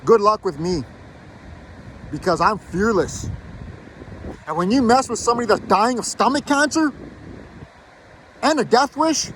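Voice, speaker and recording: Furious high-voiced man ranting outdoors. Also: lively intonation, unhurried, long pauses, a bit bright, a little hiss or hum. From Canada. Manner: heated, profane, defiant. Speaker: video blogger. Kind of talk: angry outdoor rant to camera. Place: outdoors in a built-up area.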